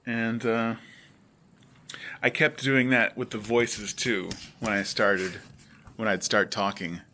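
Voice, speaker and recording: Bright-voiced rambling young man. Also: fairly low pitch, flat delivery, slow, slight background noise. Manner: rambling and self-mocking, with frequent hesitations. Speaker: vlogger. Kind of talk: rambling self-reflective monologue.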